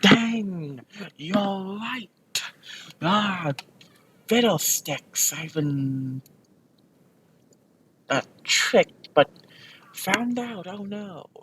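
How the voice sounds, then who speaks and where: A man doing a squeaky, flustered old witch. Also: lively intonation, drawn-out words, long pauses, recorded from a distance, noisy background. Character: sly old witch woman, grudging loser.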